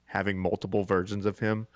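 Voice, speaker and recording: A man's voice: lowish voice, level tone, normal speed, dry recording. A man co-hosting a podcast, rambling casually and hesitantly as he describes videos. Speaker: podcast co-host. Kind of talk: casual chat.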